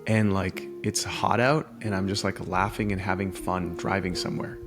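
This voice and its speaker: A man's voice: low-pitched, steady tone, moderate pace, over music. A man co-hosting a casual coaching chat, answering reflectively and hesitantly, with many fillers. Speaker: co-host.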